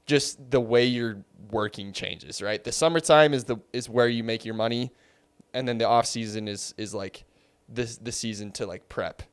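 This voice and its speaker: A man with a smooth, resonant voice hosts a casual interview podcast. He reflects at length and steers the talk with broad questions. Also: mid-range voice, moderate pace. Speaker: podcast host.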